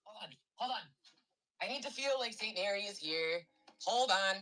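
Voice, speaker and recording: A woman's voice: medium pitch, animated, normal speed, fairly bright tone. A woman streamer in a replayed clip, talking casually, exclamatory and swearing freely.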